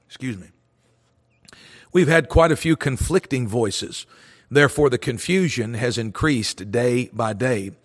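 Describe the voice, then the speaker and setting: A man's voice: medium pitch, big-room sound. Earnest male radio preacher. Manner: earnest preaching with old-style scripture phrasing; occasional throat clearing and filler. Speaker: pastor and radio host. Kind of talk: radio sermon.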